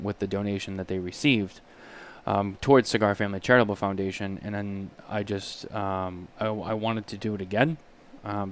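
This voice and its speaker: A man co-hosting a podcast in casual chat, halting and full of restarts and fillers. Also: fairly low pitch, slight background noise. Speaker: podcast co-host.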